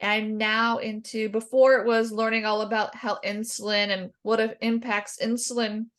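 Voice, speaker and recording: A middle-aged woman, a dietitian guest on a podcast, telling a long personal story in a lively, self-deprecating way and acting out the voices in the quotes she recounts. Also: on the high side, moderate pace.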